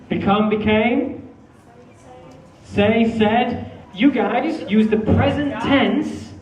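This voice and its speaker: A man teaching a classroom lesson, lively, acting out sample answers with exaggerated feeling. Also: high voice, recorded from a distance. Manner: animated, acts out student answers with exaggerated feeling. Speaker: English teacher. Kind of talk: classroom lecture. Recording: echoey room, mic from afar, faint noise.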